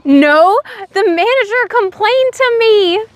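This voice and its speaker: A young woman from Oregon chatting with her live chat while out in a windy park. She says she is sick and low on energy, but she keeps talking with a sassy edge. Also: animated, takes it slowly, dry recording. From Oregon, USA. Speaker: livestreamer. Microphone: phone on a selfie stick.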